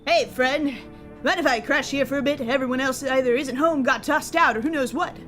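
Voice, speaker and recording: A woman's voice: high voice, a little fast, a bit bright, soft background music. Woman reading a weary homeless young guy. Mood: rueful. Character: lonely young man kicked out by friends.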